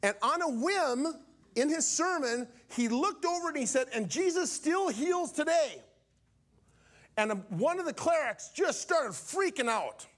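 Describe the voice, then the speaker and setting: A male preacher telling a story from the pulpit in an animated way, acting out each character's lines. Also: very high voice, normal speed. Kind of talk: storytelling sermon.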